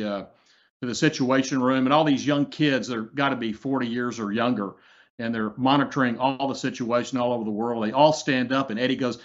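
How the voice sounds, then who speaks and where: A man guest recounting anecdotes in a meandering, filler-heavy way. His voice sits at a middle pitch. The audio is a little dull and muffled. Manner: rambling with frequent fillers, quoting others. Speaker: guest, co-founder of a humor prize. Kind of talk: anecdotal storytelling.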